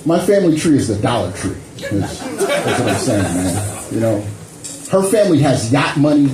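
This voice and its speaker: A man's voice: medium pitch, sing-song, moderate pace. A man doing a stand-up set with crowd work, loose and conversational, tagging lines with "you know" and "man". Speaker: stand-up comedian. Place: comedy club stage. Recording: echoey club room, faint ambience.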